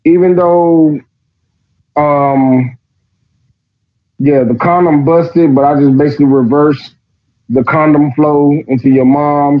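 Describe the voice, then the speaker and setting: Man, podcast host, profane mocking riffs, raspy voice, muffled lo-fi sound. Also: a little high. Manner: profane, mocking, reads passages aloud then riffs. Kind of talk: casual reading and commentary. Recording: dull lo-fi recording.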